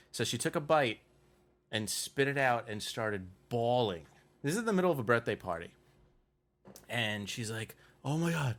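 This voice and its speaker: A young man co-hosting a comedy podcast, telling stories with dry, deadpan punchlines. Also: medium pitch. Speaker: podcast co-host. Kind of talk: casual comedic chat.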